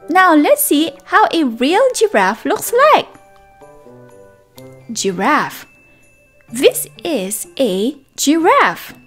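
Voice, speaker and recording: Very high, lively woman teacher reading aloud. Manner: animated and sing-song, with drawn-out words and excited gasps; speaks directly to young children with questions and praise. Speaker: children's teacher and channel host. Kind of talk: read-aloud storytelling for toddlers.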